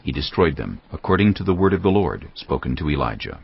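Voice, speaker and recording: Narrator, man, very deep and gravelly, dramatic and measured scripture reading. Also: very animated. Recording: dull lo-fi with background music.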